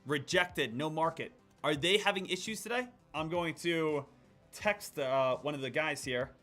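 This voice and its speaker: Excitable high-voiced man trading live. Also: a little slow, faint music behind. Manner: excitable, jumps between loud hype and muttering. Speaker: day trader streaming his trades.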